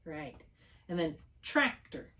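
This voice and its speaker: A woman's voice: low voice, big pitch swings, slow pace, bright, forceful tone. A middle-aged woman tutoring a student in spelling, patient and encouraging, drawing out syllables to model them. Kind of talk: one-on-one spelling lesson.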